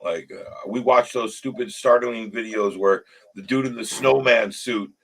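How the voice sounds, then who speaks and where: A man's voice: medium pitch, measured pace, poor audio. A man hosting a casual recovery group chat, talking earnestly with stumbling restarts. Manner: earnest, stumbling restarts, rises sharply when animated. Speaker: show host.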